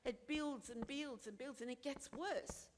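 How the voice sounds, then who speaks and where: An Australian woman speaks frankly and earnestly at a forum, giving candid personal talk in a high-sitting, unhurried voice with a long reverb tail. She repeats phrases for emphasis and acts out the voices of the people she quotes.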